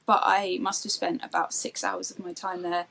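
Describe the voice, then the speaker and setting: A woman hosting a knitting podcast, chatting casually and telling animated stories with frequent laughter. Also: lowish voice, moderate pace, creaky, slight background noise, rough recording. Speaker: podcast host. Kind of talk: casual chat.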